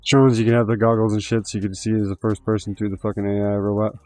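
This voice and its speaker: A man's voice: on the low side, level tone, fast talker, mellow, soft background music. A man hosting a casual livestream, rambling and swearing with lots of fillers. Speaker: livestream host.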